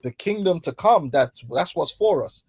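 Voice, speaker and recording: A man's voice: on the high side, lively intonation, moderate pace, slightly rough, dry recording. Slangy, preachy man with a dry sound. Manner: slangy, mocking, preachy, laughs often. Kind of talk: casual religious commentary. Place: London.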